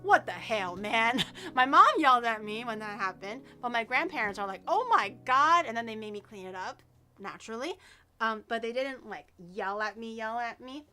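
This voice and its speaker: Bright high-voiced woman streamer. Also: fairly quick, soft background music. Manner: animated storytelling with laughs. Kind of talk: casual chat.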